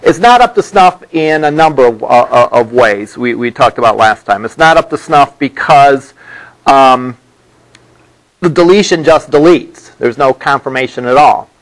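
A man's voice: mid-range voice, lively intonation, normal speed, low-quality recording. A male college instructor giving a classroom lecture, rambling with many restarts and repeated words.

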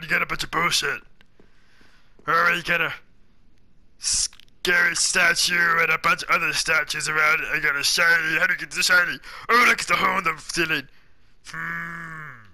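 A man with a sore throat giving excitable let's play commentary, swearing a lot and narrating his own moves. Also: on the high side. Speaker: gaming commentator. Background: game music.

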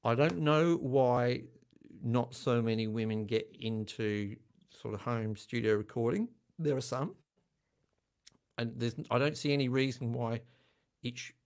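An older man hosting a casual livestream chat, self-deprecating and quick to laugh. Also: medium pitch, creaky, darkish tone. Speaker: channel host.

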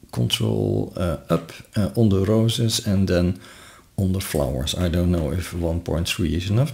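Slow, gravelly man explaining a tutorial. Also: deep voice. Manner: relaxed, explains step by step with frequent uh fillers. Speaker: tutorial host. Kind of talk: screen-recorded software tutorial.

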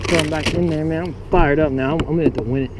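A man hosting a fishing vlog from a boat, casual and excitable, hollering when he lands a fish. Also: on the high side, rapid-fire. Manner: excitable, hollers over catches. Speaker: fishing vlogger. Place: outdoors on a small fishing boat. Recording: noisy outdoor boat audio.

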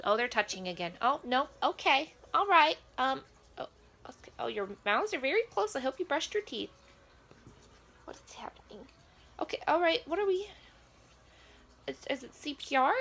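A woman's voice: high voice, gravelly, fairly bright tone, a little hiss or hum, exaggerated voice. A woman playing a prim, nosy grandmother who reacts to a pop performance with prudish, flustered, rambling remarks and quaint asides. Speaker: comedic reaction host. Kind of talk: comedic character reaction video.

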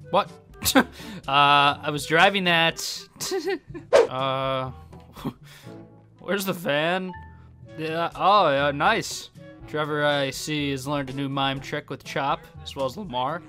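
A young man commentating his own game play, excitable and quick to laugh, yelping when surprised. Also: fairly high pitch, faint music behind. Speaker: gaming YouTuber.

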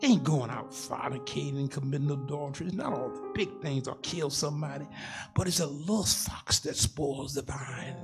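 A man's voice: mid-range voice, normal speed, gravelly, over music. A man in his sixties preaching a sermon as pastor, in a folksy, rhythmic style that repeats phrases and calls for responses from the congregation. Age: 60s.

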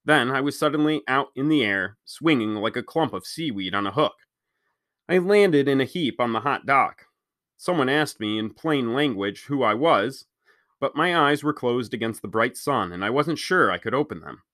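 A man reading a children's novel aloud at a steady pace, stopping now and then to correct his own slips. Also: medium pitch, moderate pace, no echo, clean studio sound. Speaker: children's book reader. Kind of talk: read-aloud storytelling.

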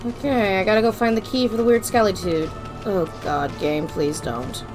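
A woman's voice: medium pitch, moderate pace, music in the background. A woman streaming a video game, chatting casually and bluntly, her mic set off to one side. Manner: loud, blunt, joking. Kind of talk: casual gameplay stream chat. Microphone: desk mic off to the side.

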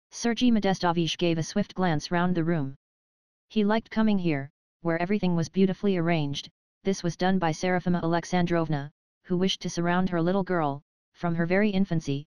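A woman narrating an audiobook in a measured, even storytelling manner, close to the mic. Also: on the low side, clear, resonant tone, dry recording, dull audio. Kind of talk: scripted narration.

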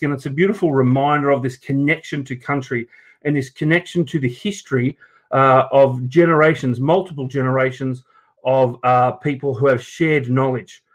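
A man's voice: mid-range voice, steady tone, moderate pace. An Australian man from Sydney giving an informal conference talk to teachers over a video call, chatty and jokey, with many fillers and restarts. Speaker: teacher presenting at an education event. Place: at his desk, presenting over a video call.

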